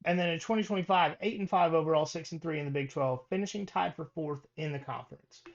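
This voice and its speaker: This podcast co-host talks sports casually and reads records with plenty of ums and false starts. He speaks fast, a little high, with vocal fry, over dull audio.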